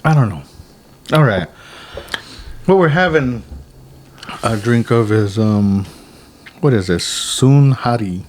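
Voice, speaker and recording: A man's voice: medium pitch, slow pace, long pauses, slight background noise. Rambling young man chatting on a podcast. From United States. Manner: rambling storyteller, many restarts, animated quotes. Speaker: podcast co-host. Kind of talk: casual chat over drinks.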